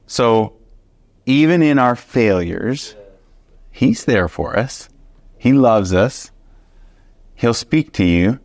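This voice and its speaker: A man teaching a Bible study, telling a personal story in an animated, conversational way with many fillers and restarts. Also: on the low side, unhurried, pauses often, no room sound.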